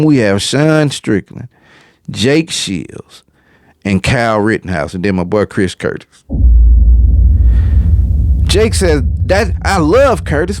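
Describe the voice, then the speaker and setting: A man's voice: a little high, no room sound. A man hosting a reaction video, commenting casually on a clip in a slangy, profane way.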